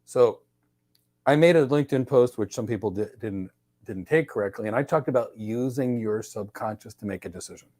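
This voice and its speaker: A man hosting a podcast, giving casual career advice and telling lively stories that he acts out in dialogue. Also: mid-range voice, a little fast. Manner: energetic storyteller who acts out dialogue. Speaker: podcast host.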